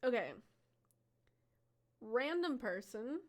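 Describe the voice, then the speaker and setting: A woman's voice: a little high, big pitch swings, takes it slowly. A woman hosting a live stream, reading viewers' character stories aloud and chatting with them, laughing often. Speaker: live-stream storyteller host.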